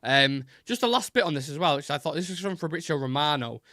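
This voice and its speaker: A man's voice: fairly high pitch, animated, quick pace, pushed and bright, dry recording, clean studio sound. A young man hosting a live fan show, chatting loosely with fillers and restarts, his voice fraying a little. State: voice keeps going. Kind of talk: casual live-stream chat.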